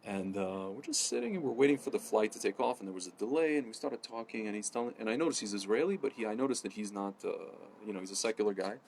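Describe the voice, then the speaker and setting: A man ranting casually to camera, rambling with many fillers and restarts, often addressing his audience as ladies and gentlemen. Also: fairly low pitch, lively intonation, fast talker, few pauses, slight background noise. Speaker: political commentator. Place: home in Jerusalem.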